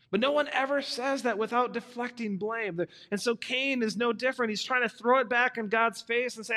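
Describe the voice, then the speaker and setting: A man preaching to young people, retelling a story in a conversational, animated way and acting out the characters. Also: very high-pitched, fairly quick, big-room sound.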